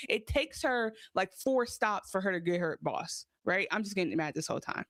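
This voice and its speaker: A woman gives a lively, casual recap of a TV episode, acting out her own reactions along the way. Her pitch jumps around a lot. The sound is dry and close. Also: brisk, few pauses, no room sound. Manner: animated, swearing, acts out her own reactions. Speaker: podcast co-host.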